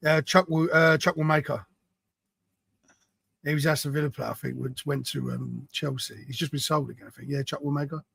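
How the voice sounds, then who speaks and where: A man's voice: on the high side, fairly even intonation, brisk, creaky, a bit bright, breathy edge, dry recording. A man co-hosting a football podcast, laughing often, swearing and repeating names back. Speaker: podcast co-host. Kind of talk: casual banter.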